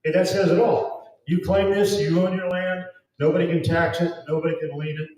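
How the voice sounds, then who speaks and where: A man's voice: fairly high pitch, steady tone, brisk, a little mellow. A man giving a fervent, emphatic public lecture at an event, with a preachy edge. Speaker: event speaker. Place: event hall. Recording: very echoey hall, distant mic.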